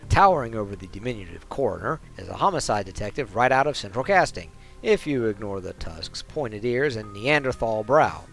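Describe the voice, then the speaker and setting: A man streaming a game reads its narration in a casual way, often laughing and poking fun at himself. His voice is gravelly and moves through a lively range of pitch. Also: a little fast, soft background music. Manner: laughs often, self-deprecating asides.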